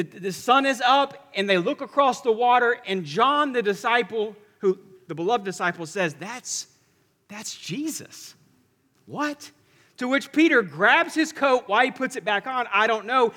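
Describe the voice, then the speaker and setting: In a church sanctuary, a male pastor with a high, bright voice preaches a sermon, telling the story animatedly and moving between loud and hushed moments. A long reverb rings through the hall.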